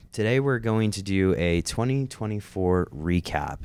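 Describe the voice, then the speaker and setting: A man's voice: low-pitched, expressive, measured pace, hardly any pauses, a little mellow, soft background music. A man hosting a podcast in a loose, joking conversational way. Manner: easygoing, joking. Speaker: podcast host. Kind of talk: casual podcast chat.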